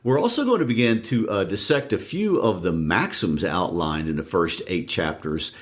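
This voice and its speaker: A man with a deep, low-pitched voice co-hosts a literature podcast. He explains ideas thoughtfully, pausing on fillers as he builds his points. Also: lively intonation. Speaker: podcast co-host. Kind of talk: casual literary discussion.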